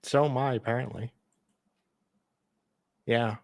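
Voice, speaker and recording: A man's voice: medium pitch, steady tone, slow pace, creaky. Easygoing male co-host with a mid-range voice for a casual stream chat. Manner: easygoing, distracted while searching on screen.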